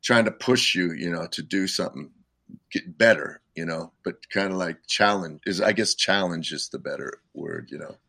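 An older man, a musician guest, telling rambling stories in casual talk, full of "you know" and quick laughs. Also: sits low, gravelly, sharp tone, dry recording. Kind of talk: casual storytelling.

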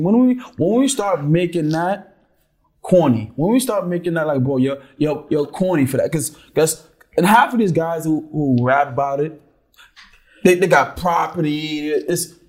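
A man with a somewhat high, lively voice tells a story in casual, colloquial speech. His words tumble out, and he repeats himself as he builds to the point. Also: moderate pace. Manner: animated storyteller, repeats words when excited. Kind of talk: casual chat.

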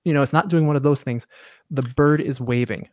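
A man tells a casual story on a video call in a middle-pitched voice, stopping and correcting himself as he goes. The recording is close and dry. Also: darkish tone, dry recording. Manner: halting, self-correcting, drops low when quoting. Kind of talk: casual anecdote.

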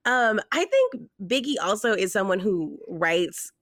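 A woman in her thirties hosting a casual podcast, chatty and quick to laugh. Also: medium pitch, very animated, a bit bright, no echo, studio quality. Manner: chatty, laughs often, slips into mock voices. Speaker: podcast host.

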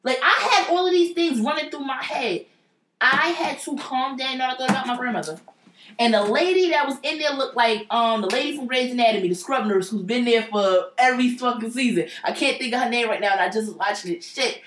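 A woman's voice: a little high, a little fast, a bit bright, a little hiss or hum. Blunt, profane woman in an echoey room. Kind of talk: casual storytelling. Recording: roomy echo.

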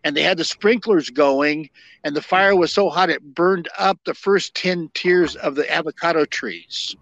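Gravelly older man telling fire stories. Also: fairly high pitch, a bit bright, dry recording. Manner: halting, many fillers and restarts. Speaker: podcast guest, retired fire captain. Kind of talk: storytelling interview. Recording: dull lo-fi dry sound.

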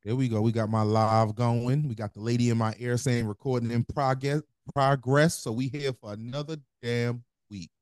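A man's voice: medium pitch, steady tone, moderate pace, hardly any pauses, darkish tone, dry recording. A young man with a Mississippi accent chats casually as a podcast co-host, rambling through stories with plenty of slang. His voice sits mid-range and sounds close and dry, with little room around it. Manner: laid-back, rambling storytelling with slang.

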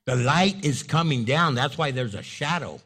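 A middle-aged male pastor preaching an animated sermon, acting out quoted voices as he goes. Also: medium pitch, normal speed, husky.

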